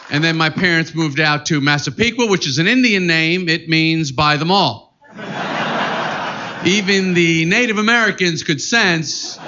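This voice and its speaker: A man from New York doing a stand-up comedy set on a club stage, animated and mock-exasperated. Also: a little high. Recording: muffled live club recording, noisy.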